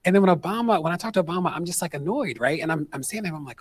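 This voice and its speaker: Male activist speaker, 30s, husky, animated storyteller who acts out the people he quotes. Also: fairly high pitch, rapid-fire, hardly any pauses. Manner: animated, quotes people in put-on voices, conversational with fillers. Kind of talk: storytelling on stage, answering audience question. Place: stage at an event.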